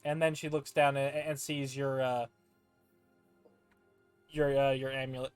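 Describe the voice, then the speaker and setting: A man's voice: mid-range voice, little pitch movement, a little slow, pauses often, smooth, dry recording, soft background music. A man narrating as game master for a tabletop game, playful and often stumbling over his words. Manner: stammering, playful.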